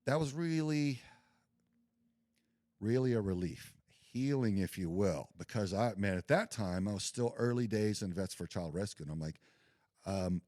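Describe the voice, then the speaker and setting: A man's voice: fairly low pitch, expressive, normal speed, a little mellow, dry recording, clean studio sound. A man talking as a podcast guest in an earnest, intense way. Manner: earnest, intense, faith-driven. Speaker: podcast guest, military veteran. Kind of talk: casual podcast conversation.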